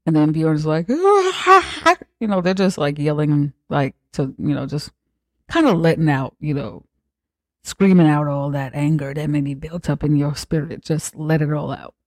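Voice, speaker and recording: A podcast host recaps a movie in a loose, joking, foul-mouthed way, tossing off quick impressions of the characters' lines. His voice sits at a medium pitch with a fairly even, mellow delivery, and there's no echo.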